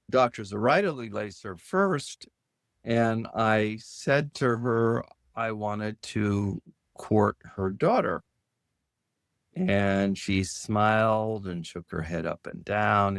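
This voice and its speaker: Casting: middle-aged man, podcast guest, animated storyteller, dry close recording. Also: dry recording. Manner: animated storyteller, lifts his pitch sharply when quoting others. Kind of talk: storytelling in conversation.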